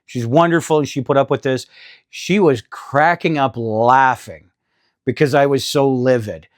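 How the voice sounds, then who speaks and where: A man's voice: mid-range voice, measured pace, dry recording, studio quality. A middle-aged man, talking casually to camera about RV costs in a chatty, exasperated, self-deprecating way. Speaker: RV vlogger. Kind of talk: casual vlog talk.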